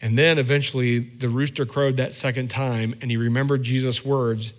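A man's voice: mid-range voice, little pitch movement, moderate pace. A male pastor giving a conversational sermon, often restarting and repeating words as he thinks aloud.

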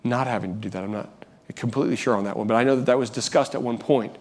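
A man's voice: medium pitch, quick pace, darkish tone. A man preaching a sermon as pastor, earnest, often restarting and repeating phrases, rising when he urges.

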